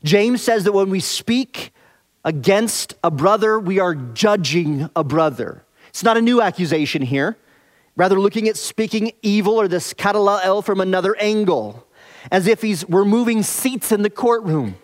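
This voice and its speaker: The pastor's voice is fairly high and animated as he gives an earnest expository sermon. Some phrases come out hard and pressed; others drop to a slow, soft hush.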